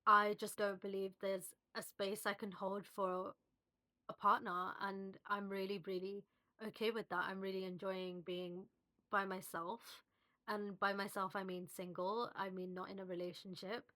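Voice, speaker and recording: A woman vlogger speaking softly and reflectively to her viewers, with fillers and small restarts. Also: mid-range voice, level tone, normal speed. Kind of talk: heartfelt one-on-one talk to camera. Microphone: phone at arm's length, video-call style.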